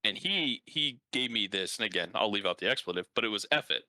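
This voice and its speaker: Low, forceful male podcast host. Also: a little fast, no echo. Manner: animated storyteller, frequent "like" fillers. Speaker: podcast host and baseball coach. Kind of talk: casual conversational interview.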